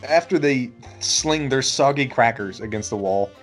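A man's voice: medium pitch, moderate pace, soft background music. A man co-hosting a casual podcast, animatedly retelling a film scene by scene and swearing freely. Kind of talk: casual film recap chat.

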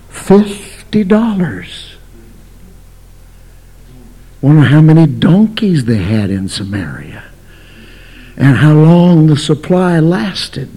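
Male pastor, high-pitched and deliberate, dramatic shouts and hushed asides. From United States. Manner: dramatic, swings from shouts to near whispers. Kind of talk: fiery sermon storytelling.

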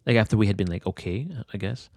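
A young man with a fairly low, slightly mellow voice tells a personal story in an interview, speaking quickly with no room sound. He rambles, relies on fillers, and swears freely in a candid, conversational way.

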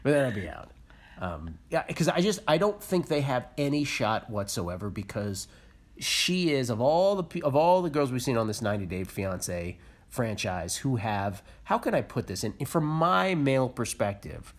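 A man's voice: mid-range voice, very animated, moderate pace. A man co-hosting a podcast, giving his blunt, opinionated take on a reality show with swearing and mocking impressions. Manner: opinionated, swears, mimics people. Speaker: podcast co-host. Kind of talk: casual reality-TV recap chat.

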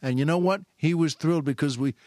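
A man telling a long personal anecdote in a rambling, halting way, repeating himself and correcting mid-sentence. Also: a little high, a little mellow, no room sound, clean studio sound. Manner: repetitive, halting, self-correcting. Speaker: storyteller.

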